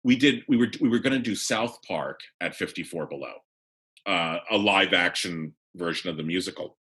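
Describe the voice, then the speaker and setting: A man, a cabaret producer and director, talking in a casual podcast interview in an animated way with frequent restarts. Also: low voice, moderate pace, slightly rough.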